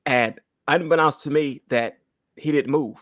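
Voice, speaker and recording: Speaking a little slowly in a slightly high, fairly bright voice, a man in his thirties tells his church testimony on a dry recording. He's earnest and near tears, repeating himself and often asking "right?"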